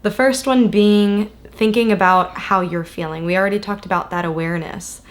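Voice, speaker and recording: A woman co-hosting a casual relationship-advice talk, playful and quick to laugh as she gives tips. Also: medium pitch, steady tone. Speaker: co-host. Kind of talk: casual podcast chat.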